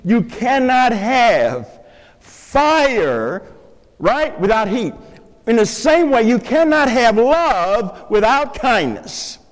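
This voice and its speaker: A man's voice: extremely high pitch, very animated, slow pace, big-room sound. A man preaching an interactive sermon to a live congregation in a church, quizzing listeners with playful questions. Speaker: pastor. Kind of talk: interactive sermon with object lessons.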